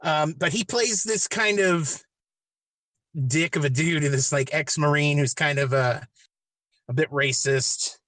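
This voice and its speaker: A man's voice: fairly high pitch, unhurried, a bit bright, no echo. A man hosting a podcast, retelling a movie plot in a casual, rambling, profane way with many restarts. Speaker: podcast host.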